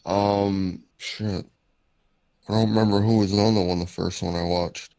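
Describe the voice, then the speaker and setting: Guest, man, low voice, blunt and laid-back, dry close mic. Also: steady tone, measured pace, warm tone, no echo. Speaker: podcast guest. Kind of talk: casual chat.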